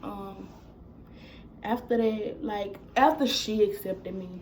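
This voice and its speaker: Young woman, vlogger, animated storytelling, mellow tone. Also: medium pitch, takes it slowly, a little hiss or hum, poor audio. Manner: casual, animated retelling with quoted dialogue. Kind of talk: storytime vlog.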